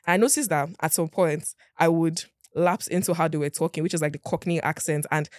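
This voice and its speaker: A young woman, chatting casually as a co-host and arguing her views in an animated way. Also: sits low, brisk, no echo, clean studio sound. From Nigeria. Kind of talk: casual chat.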